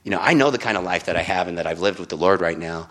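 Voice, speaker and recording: A man's voice: sits low, racing, fairly bright tone. A man preaching in an informal Bible-teaching style, often checking in with his listeners. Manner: informal, keeps asking "right?".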